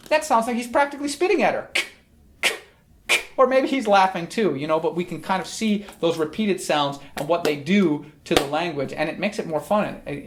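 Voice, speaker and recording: A teacher explaining a text in a recorded lesson, friendly, often checking in with "okay?". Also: mid-range voice. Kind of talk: recorded lesson on Shakespeare's language.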